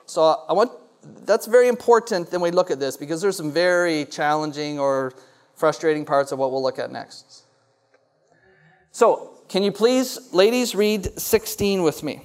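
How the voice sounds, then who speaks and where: Before a congregation in a church hall, a male pastor delivers an animated sermon and puts questions to his listeners. His voice is a little high and his pace moderate.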